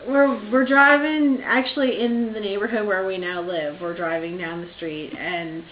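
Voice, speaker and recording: A woman casually telling stories in a video chat, acting out quotes loudly. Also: mid-range voice, moderate pace. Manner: animated, acts out quotes loudly. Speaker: vlogger. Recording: echoey room, dull lo-fi sound, faint noise.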